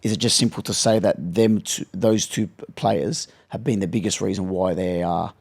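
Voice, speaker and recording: A man co-hosting a casual football podcast, playful and excitable, needling his co-host with questions. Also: deep voice, normal speed, gravelly.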